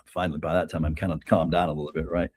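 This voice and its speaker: A man's voice: rumbling low, flat delivery, rapid-fire, darkish tone, breathy edge, no room sound. Dry-voiced man telling a story. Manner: anecdotal, keeps tagging "right?", laughs between lines. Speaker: author guest. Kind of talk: conversational storytelling.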